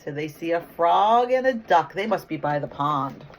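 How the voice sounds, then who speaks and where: Speaking at a moderate pace in an expressive, lowish voice, a middle-aged teacher reads a picture book to little kids. She draws them in with questions and praises their replies during this storytime session, with slight background noise in the recording.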